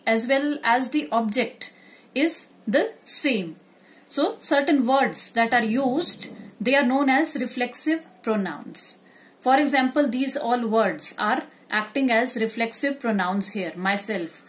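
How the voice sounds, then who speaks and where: A woman teaching a grammar lesson, explaining step by step and repeating examples. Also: fairly high pitch.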